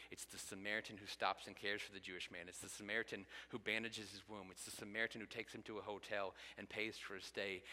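A bright-voiced male pastor in his thirties delivers an earnest sermon in a large church sanctuary. His clear, forceful tone rises to emphatic peaks, and a long reverb trails each phrase around the hall. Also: fairly low pitch.

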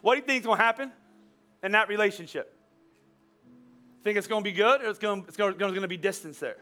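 A man in his forties preaching a sermon as a pastor, animated and storytelling with playful humor. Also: sits high, fast, faint music behind. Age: 40s. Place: church. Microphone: wearing a microphone.

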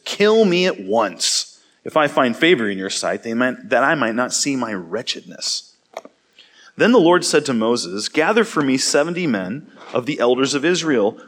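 A man reads a Bible passage aloud, leaning into the speakers' lines with rising, dramatic emphasis. Between verses he slips into a loose, conversational teaching voice with fillers and the occasional stumble. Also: medium pitch. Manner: casual asides with fillers and small slips. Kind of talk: scripture reading with casual commentary.

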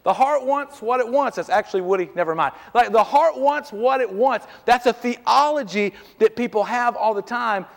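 A middle-aged male pastor preaching a casual, joking sermon, often dropping "man" as he talks, in a church. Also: sits high. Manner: lively, conversational, joking, peppered with "man". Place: church sanctuary. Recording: long reverb of a church hall.

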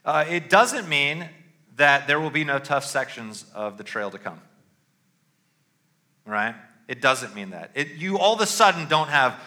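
A man's voice: a little high, very animated, measured pace, bright, forceful tone. A middle-aged male pastor giving a sermon in a loose, conversational way, often checking in with "all right?".

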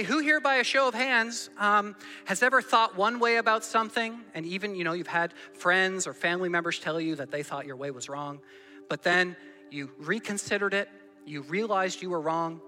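Earnest high-voiced male preacher. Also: sharp tone, big-room sound. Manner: earnest, asks the congregation questions. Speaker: pastor. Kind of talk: sermon. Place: church hall.

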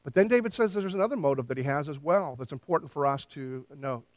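A man preaching a sermon, retelling scripture with lively storytelling and acted-out quotes. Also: on the high side, quick pace, dry recording. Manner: animated storytelling, voices quoted lines. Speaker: pastor.

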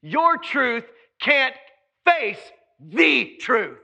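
A man preaching a sermon as pastor, telling the story in an animated way and swinging from hushed tones to shouting. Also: very high voice, very slow, gravelly.

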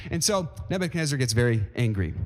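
A man's voice: medium pitch, sing-song, fast talker. Man preaching in a reverberant hall. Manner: emphatic preaching, calls out to the congregation. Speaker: pastor. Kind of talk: sermon. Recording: long reverb of a large hall.

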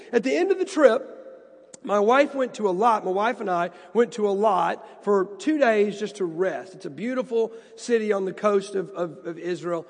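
A man's voice: high voice, gravelly, in a large hall. A man preaching a sermon and telling personal stories, earnest and prone to repeating words. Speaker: pastor.

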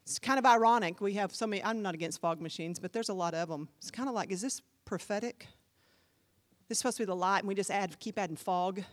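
A woman pastor preaching a sermon in an animated, emphatic way, speaking directly to her congregation. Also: mid-range voice, fast.

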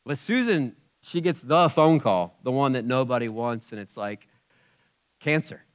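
A man preaching a sermon in a conversational way, swinging between loud emphatic bursts and quiet asides. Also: medium pitch, animated, moderate pace. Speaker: pastor.

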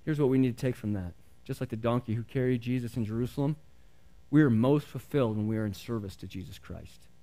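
A man's voice: mid-range voice, fast talker, warm tone. A middle-aged male pastor preaching a sermon in an earnest, conversational way, asking the congregation questions.

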